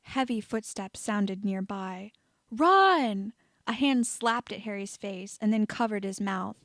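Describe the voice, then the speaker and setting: A woman's voice: mid-range voice, fairly even intonation, measured pace, no echo. Woman narrating a story, dry close sound. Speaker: audiobook reader. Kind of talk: fan fiction narration.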